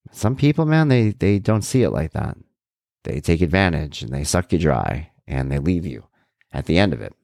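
A man's voice: low voice, a little mellow, no room sound, studio quality. A middle-aged man speaking earnestly and confidingly to viewers in a reflective personal monologue about his life. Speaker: vlogger sharing life advice.

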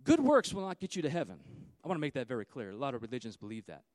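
A man preaching a sermon to a congregation in church, building to loud, emphatic repetition and dropping into casual asides. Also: medium pitch, huge pitch swings, rapid-fire, dry recording.

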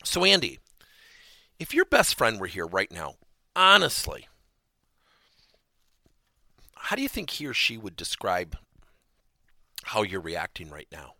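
Animated, bright-voiced male coach. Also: lowish voice, a little slow, gravelly, pauses often, dry recording, studio quality. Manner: animated teaching voice that repeats key points. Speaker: podcast host and workplace coach. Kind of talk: podcast coaching lesson.

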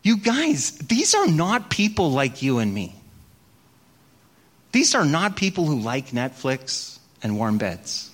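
Taking it slowly, this middle-aged pastor speaks a little high, with pitch that swoops wildly. His sermon mixes stories with self-mocking reenactments of his own prayers.

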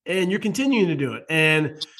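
A man's voice: on the high side, big pitch swings, moderate pace, a bit bright. A male podcast host talking casually, blunt and profane, jumping into mock quotes as he argues a point. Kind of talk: casual interview chat.

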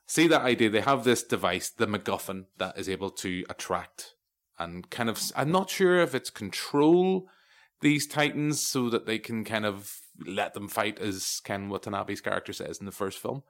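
A man's voice: fairly low pitch, moderate pace, fairly bright tone. An Irish man hosting a podcast, chatting casually about a film, rambling and wry with many asides. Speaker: podcast host. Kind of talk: casual film review chat.

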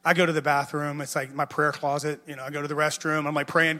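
A man's voice: fairly high pitch, steady tone, fast talker, few pauses, sharp tone. A man, a pastor, telling a personal story in a conversational sermon, self-mocking and repeating words as he builds up. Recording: music under a long hall echo.

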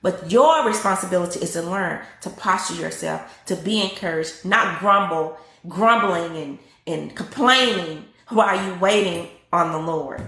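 Bright, fervent preaching woman. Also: lowish voice, measured pace, reverberant. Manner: fervent preaching with repetition and scripture quotes. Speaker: prophetess and teacher. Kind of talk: sermon teaching and prayer. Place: live stream with chat.

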